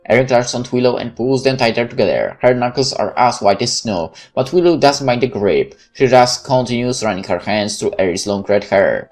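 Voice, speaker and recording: A man reading a visual novel aloud, narrating in first person with expressive delivery. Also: fairly low pitch, a little fast, soft background music. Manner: expressive, candid. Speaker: let's play narrator.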